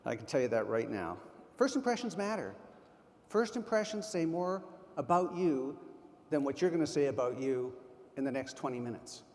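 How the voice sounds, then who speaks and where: A man's voice: mid-range voice, big pitch swings, moderate pace, a little mellow. A man in his sixties giving a motivational keynote at a sales conference, emphatic and full of anecdotes. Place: large conference hall. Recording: long hall reverb.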